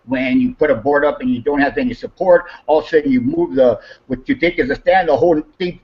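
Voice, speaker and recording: A man's voice: mid-range voice, fast talker, breathy edge, highs cut off. A man in casual talk telling a story, swearing freely and acting out heated quotes. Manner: animated, swears a lot, acts out quotes with raised voice.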